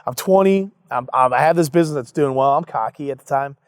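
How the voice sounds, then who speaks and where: A man's voice: mid-range voice, fast talker, dry recording, clean studio sound. A young adult man, an entrepreneur guest in an interview, telling his story casually and acting out both sides of past conversations.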